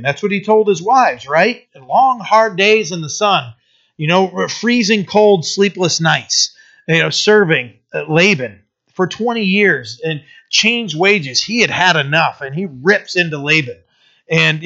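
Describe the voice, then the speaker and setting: A man giving a conversational Bible teaching in an animated way, often asking "right?" and reading the verses slowly. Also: sits high. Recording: dull lo-fi recording.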